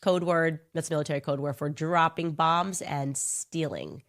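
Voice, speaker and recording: A woman's voice: deep voice, unhurried. A woman hosting a podcast, telling stories casually and acting out the voices of the people she quotes. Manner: animated, acts out quoted voices. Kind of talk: casual storytelling.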